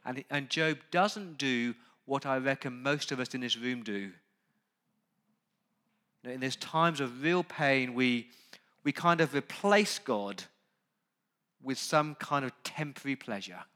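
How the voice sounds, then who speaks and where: Man preaching with a bright, forceful voice. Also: mid-range voice, expressive, unhurried, long pauses. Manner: emphatic preaching, swinging from quiet asides to loud urgent peaks; conversational, asks the congregation direct questions. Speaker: pastor. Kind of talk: sermon.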